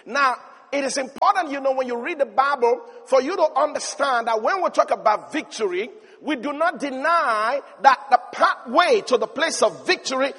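High-voiced preacher in an echoing hall. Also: male voice, normal speed, breathy edge. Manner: animated storytelling, building to emphatic shouts. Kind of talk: sermon. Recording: long hall reverb.

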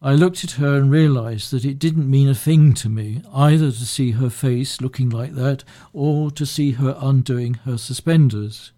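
A man narrating an audiobook in a dry, measured, deadpan way. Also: mid-range voice.

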